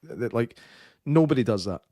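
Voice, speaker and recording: A Scottish man rants and tells stories on a film-review podcast, swearing freely in casual talk. His voice sits at a middle pitch. The sound is dry and close, with no room echo. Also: expressive, moderate pace, dark tone. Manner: sweary, ranting storyteller. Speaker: podcast co-host. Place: studio.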